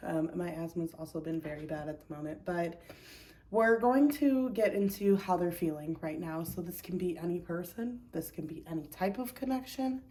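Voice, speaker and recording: A woman's voice: fairly low pitch, moderate pace, warm tone. A woman hosting a casual pick-a-card tarot video from home, chatty and rambling with many ums, a little out of breath. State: a bit out of breath. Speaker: tarot reader. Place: home, indoors.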